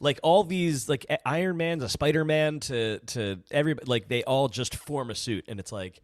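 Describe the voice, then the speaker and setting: A man's voice: mid-range voice, normal speed, dry recording. A man co-hosting a casual podcast, rambling through his opinions with many restarts and fillers. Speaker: podcast co-host. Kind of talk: casual chat.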